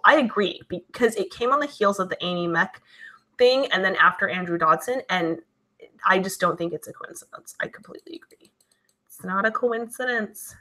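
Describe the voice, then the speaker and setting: A woman hosting her channel, chatting casually and reading out viewer comments in a lively, talkative way. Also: medium pitch, normal speed. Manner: chatty, animated, many fillers. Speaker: channel host.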